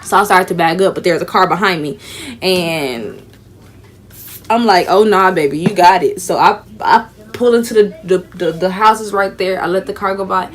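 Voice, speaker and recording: A young woman with features, telling a casual storytime vlog in a chatty, animated way, sounding tired. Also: on the low side, normal speed. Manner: chatty, animated storytelling with frequent fillers and asides. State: tired, sleepy. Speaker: vlogger.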